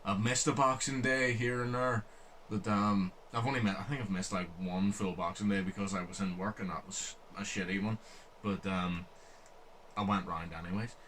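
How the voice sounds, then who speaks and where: Low, bright young man. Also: fairly even intonation, moderate pace, a little hiss or hum. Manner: chatty storytelling, frequent swearing and laughter. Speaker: podcast co-host. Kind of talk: casual podcast chat.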